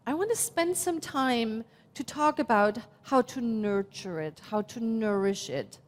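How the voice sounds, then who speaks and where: German-accented woman minister in her fifties, fairly high voice, slow heartfelt sermon delivery, long reverb. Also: lively intonation. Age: 50s.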